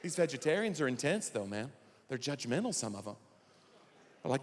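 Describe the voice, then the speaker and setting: In a large hall, a man in his forties performs stand-up comedy with a mid-range voice and a brisk pace. He's animated, acting out quoted voices as he goes.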